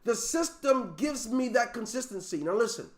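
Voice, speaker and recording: Brief: high-pitched male team leader, emphatic motivational speaker on a video call, fires off rhetorical questions. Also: expressive, moderate pace. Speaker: network marketing team leader.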